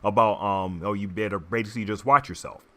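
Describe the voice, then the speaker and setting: A young man co-hosting a podcast, talking haltingly with lots of ums and restarts. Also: lowish voice, fairly even intonation, bright, forceful tone. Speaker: podcast co-host. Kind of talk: casual chat.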